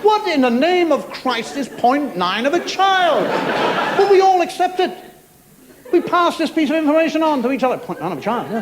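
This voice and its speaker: A man's voice: very high-pitched, big pitch swings, normal speed. A middle-aged man doing a stand-up comedy monologue on a TV stage, telling wry stories with bursts of mock outrage. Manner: wry storytelling with mock outrage, acts out voices. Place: TV studio stage before a live audience. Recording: noisy live TV recording with loud crowd. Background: audience laughter.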